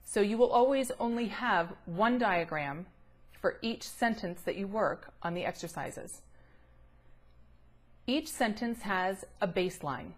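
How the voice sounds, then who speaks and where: A middle-aged woman gives a recorded grammar lesson, with a voice in a middle pitch range. She explains each step patiently and clearly, slowing to draw out the words she wants to stress. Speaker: grammar teacher.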